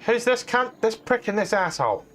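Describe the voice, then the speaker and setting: A man's voice: high-pitched, very animated, normal speed, a bit bright, pitched above the performer's own voice. A man voicing a rude, crude little male goblin in a put-on Cockney accent, swearing and slangy.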